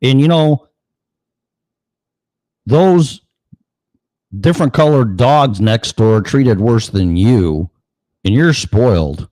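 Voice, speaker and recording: A man's voice: medium pitch, expressive, slow pace, long pauses, dark tone, dry recording. A man hosting a show, delivering a sarcastic, profane ranting monologue full of mocking asides. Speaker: show host.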